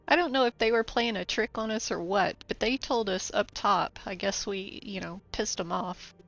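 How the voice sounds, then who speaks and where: A woman's voice: mid-range voice, normal speed, vocal fry, fairly bright tone, dull audio. A woman playing a tabletop game, talking in a casual, plain-spoken way. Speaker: player.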